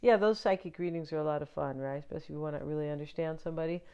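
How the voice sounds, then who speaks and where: A woman's voice: sits low, racing, dark tone, smooth, muffled recording. A woman giving a casual tarot reading to her viewers, chatty and loose, often checking in with "right?" and "you know". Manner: chatty, many fillers and "right?" check-ins. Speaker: tarot reader.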